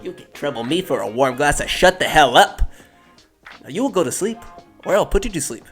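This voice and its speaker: A man voicing a creepy male nursing-home orderly who threatens in a low, quiet tone. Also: sing-song, fairly quick, breathy edge, soft background music, heavily acted. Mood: menacing.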